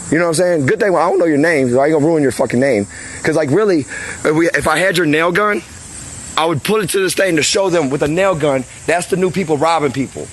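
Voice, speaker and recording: Up on and around a house roof outdoors, a roofing contractor vlogs casually, blunt and heated and swearing freely. His voice is on the high side, captured in a low-quality recording with slight background noise.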